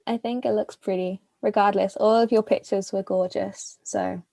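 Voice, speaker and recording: A woman's voice: mid-range voice, steady tone, normal speed, vocal fry, dark tone, no room sound. A bubbly English woman in her twenties hosting a casual video chat, gushing and talkative. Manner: chatty, bubbly, gushing compliments. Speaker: host.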